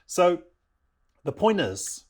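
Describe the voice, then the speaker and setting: A man's voice: high-pitched, big pitch swings, very slow. A middle-aged man from New Zealand telling a family story in a parenting talk, acting out the voices of his family as he goes. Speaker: parenting program speaker.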